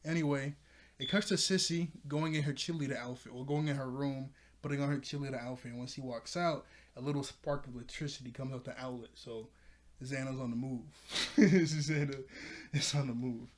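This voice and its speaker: A man's voice: mid-range voice, fairly even intonation, fairly quick. Guy rambling thru an episode recap, laughs a lot, lots of "you know" and "like", medium voice. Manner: rambling, laughs often, paraphrases characters loosely. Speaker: show reviewer.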